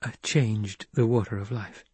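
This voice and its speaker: Guy reading as a weak young man, steady though, husky, dry. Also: fairly low pitch, measured pace, no room sound.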